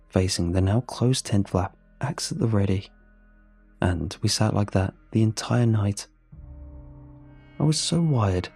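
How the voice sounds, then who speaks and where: A man narrating a first-person horror story, with steady, measured storytelling. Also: on the low side, breathy edge. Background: faint music.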